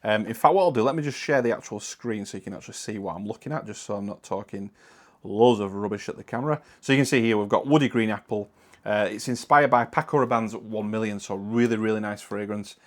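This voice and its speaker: A man with a Northern English accent hosting a casual product review, chatty and relaxed with frequent ums and uhs. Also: on the low side, fast talker.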